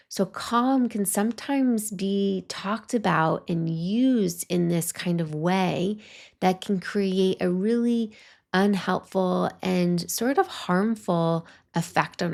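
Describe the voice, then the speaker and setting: A woman hosting a solo podcast, talking through a reflective monologue in a slow, soothing, gently guiding way. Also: on the low side, gravelly. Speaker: podcast host.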